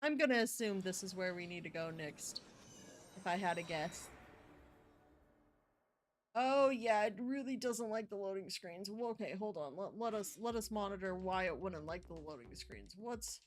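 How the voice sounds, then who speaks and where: A woman's voice: medium pitch, animated, moderate pace, a little hiss or hum. A playful young woman streaming a game, chatting casually and humming along. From US West Coast. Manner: playful, bubbly, hums and voices characters. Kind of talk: casual gameplay commentary.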